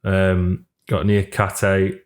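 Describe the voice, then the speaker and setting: Brief: low-pitched man, podcast co-host, relaxed enthusiastic fan chat. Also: very slow. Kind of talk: casual football podcast chat.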